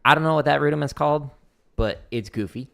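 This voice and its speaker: Gravelly man scatting drum rhythms. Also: a little high, fast talker, over loud music. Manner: sings out rhythms with vocal syllables; relaxed, thinking aloud with fillers. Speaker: drum instructor streaming practice. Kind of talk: casual spoken drum lesson. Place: home practice room. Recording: loud drumming and clicks behind the voice.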